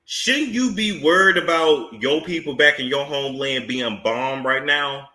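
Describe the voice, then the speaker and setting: A man's voice: a little high, unhurried, sharp tone, reverberant. A man hosting celebrity gossip commentary, with a sassy, mocking, drawling way of talking. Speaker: commentary channel host.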